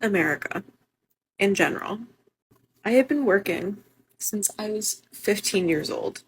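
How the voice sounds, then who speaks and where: A woman of twenty-one speaking frankly and wearily to the camera, dropping into soft asides. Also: mid-range voice, animated, measured pace, a little hiss or hum, rough recording. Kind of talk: casual monologue to camera.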